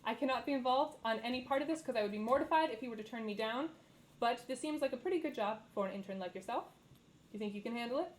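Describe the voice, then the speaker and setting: A woman's voice: on the high side, fast talker, close to an everyday voice, low-quality recording. Luna, a woman doing a pompous prim tiefling. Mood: confiding. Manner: pompous, condescending, clipped. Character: prim, haughty tiefling woman, self-important.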